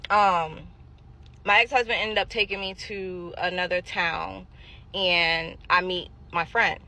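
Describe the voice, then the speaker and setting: A woman's voice: fairly low pitch, fairly even intonation, slow, sharp tone. A woman telling her own story in a casual storytime monologue, emphatic and talking straight to her viewers.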